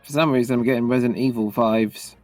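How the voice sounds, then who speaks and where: A man making playful, theatrical asides as a tabletop player, his voice at a middle pitch. Faint music runs underneath. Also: steady tone, quick pace, darkish tone. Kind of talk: casual game chat.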